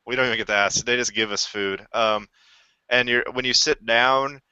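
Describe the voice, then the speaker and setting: A man's voice: medium pitch, steady tone, normal speed, bright, forceful tone, clear, resonant tone, no echo. A man and Army veteran chatting casually, rambling with many restarts and swearing freely. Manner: rambling, restarts often, profane. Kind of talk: casual chat. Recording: dull lo-fi recording.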